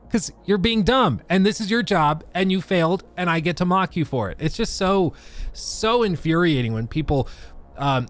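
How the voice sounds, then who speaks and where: A man hosting a casual livestream, ranting about games and answering chat. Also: on the high side. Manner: ranting, animated, reads chat aloud. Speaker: livestream host. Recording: faint music behind.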